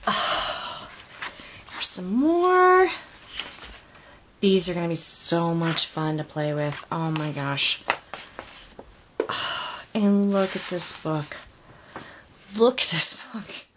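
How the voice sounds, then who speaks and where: A woman's voice: low-pitched, takes it slowly, pauses often, a bit bright, a little hiss or hum. A woman opening a craft swap package on video, gushing and gasping with delight at each item. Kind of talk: unboxing vlog.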